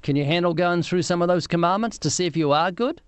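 A man's voice: high-pitched, fast talker, smooth, no room sound. A man with a New Zealand accent, questioning a young woman on a phone line with light teasing. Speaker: street evangelist.

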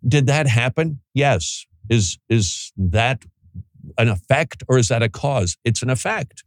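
Male preacher, mid pitch, emphatic and rhetorical, dry close sound. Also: animated, unhurried, no echo. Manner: emphatic, rhetorical questions, acts out voices. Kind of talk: sermon.

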